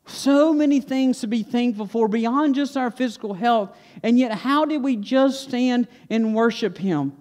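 Man, pastor, sermon, earnest, repetitive emphasis, fairly high voice, church sanctuary. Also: normal speed, darkish tone. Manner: earnest preaching, repeats phrases for emphasis.

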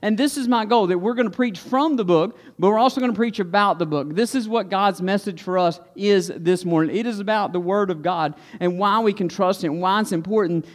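A man with a high voice gives an earnest, plain-spoken sermon and prayer to his congregation. His words ring out with a long reverb through a church sanctuary. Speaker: pastor.

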